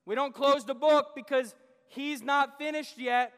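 A man preaching a sermon as a guest preacher, animated, acting out the father's lines in the story. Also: very high voice, a little slow. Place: church sanctuary. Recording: long reverb of a church hall.

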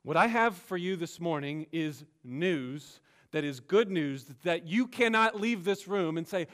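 A man's voice: on the high side, animated, unhurried, fairly bright tone. Emphatic preacher man. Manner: emphatic, explanatory preaching with rising and dropping delivery. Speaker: pastor. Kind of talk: sermon. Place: church sanctuary.

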